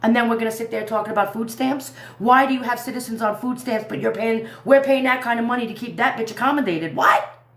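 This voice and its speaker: A woman's voice: fairly high pitch, fast, fairly bright tone, a little hiss or hum. Fired-up woman venting on a live stream, swears a lot, echoey room. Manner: heated, profane, repeats herself. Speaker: livestream commentator. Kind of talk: angry livestream rant.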